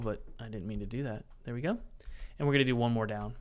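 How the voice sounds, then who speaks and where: A man's voice: mid-range voice, fast, hardly any pauses. A man casually teaching game development on a live stream, joking with his chat and talking himself through each step aloud. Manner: playful, jokey, chats directly with the live chat; talks himself through software steps aloud.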